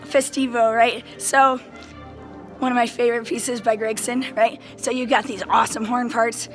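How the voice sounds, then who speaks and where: A woman band director explaining classroom routines to other teachers in an animated way, often checking in with "right?" She says she is a little sick. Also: on the high side, normal speed, faint music behind. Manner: animated, enthusiastic, keeps checking in with "right?" and "okay?". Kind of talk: casual how-to lesson to camera. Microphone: handheld phone.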